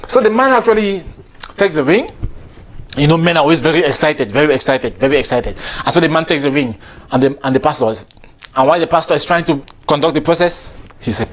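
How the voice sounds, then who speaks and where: A man's voice: a little high, lively intonation, fast. A comedian host delivering a playful comic monologue and often laughing through his lines. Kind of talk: stand-up style comic monologue.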